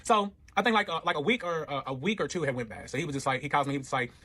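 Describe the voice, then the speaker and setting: A man's voice: a little high, lively intonation, rapid-fire, bright, forceful tone. A man telling his own relationship story in a casual storytime, profane and rambling, with lots of filler and quoted back-and-forth.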